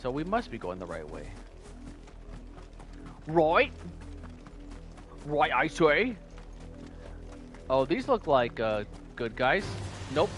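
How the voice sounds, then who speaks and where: Playful male let's-play host, bouncy animated pitch, goofy asides. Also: slow, pauses often, soft background music. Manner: playful, goofy, puts on silly mock-pompous voices. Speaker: gaming video host.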